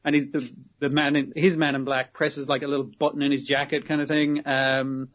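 A man's voice: mid-range voice, level tone, brisk, fairly bright tone. A man casually recapping an episode, rambling and swearing freely, in a muffled lo-fi recording. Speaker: podcast co-host.

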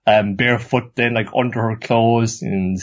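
A man's voice: medium pitch, steady tone, measured pace. A man co-hosting a casual anime review chat, rambling through plot recaps. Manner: rambling recap full of acted voices. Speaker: podcast co-host. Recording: dull lo-fi recording.

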